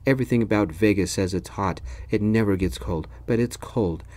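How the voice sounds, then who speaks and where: A man's voice: on the low side, normal speed, a little mellow, close to an everyday voice. A man voicing a grumpy, stern middle-aged father with an English accent, grumbling and commanding, in a whispered role-play.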